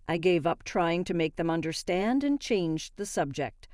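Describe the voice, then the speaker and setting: Woman narrator, first-person story, steady delivery, low warm dry voice. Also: normal speed, few pauses, no echo.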